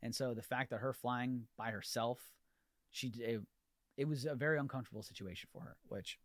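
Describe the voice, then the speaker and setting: A man hosting a podcast, telling an animated, exasperated story in a ranting solo monologue with many restarts. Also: medium pitch, fairly quick, no echo, studio quality. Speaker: podcast host.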